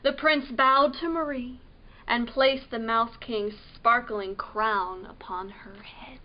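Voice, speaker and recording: A woman librarian reading a picture book aloud at storytime, slow and expressive, asking the listening children questions. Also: on the high side, dull audio, a little hiss or hum.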